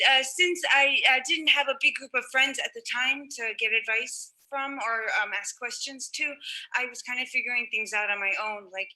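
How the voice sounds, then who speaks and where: Young woman storyteller, high bright voice, halting with lots of ums and restarts. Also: poor audio. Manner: halting, many fillers and restarts. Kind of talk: personal storytelling.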